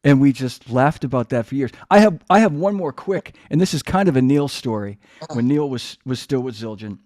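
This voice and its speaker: A man hosting a casual podcast, reminiscing in a relaxed, conversational way. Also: medium pitch, normal speed, no echo, studio quality. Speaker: host.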